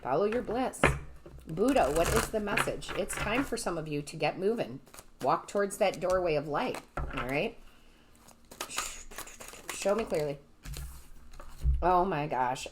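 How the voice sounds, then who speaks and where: A woman's voice: deep voice, slight background noise. A woman giving a casual tarot reading to her viewers. She gushes with enthusiasm and keeps asking "right?". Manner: gushing and enthusiastic, often asks "right?" and addresses viewers as "guys". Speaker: tarot reader and medium.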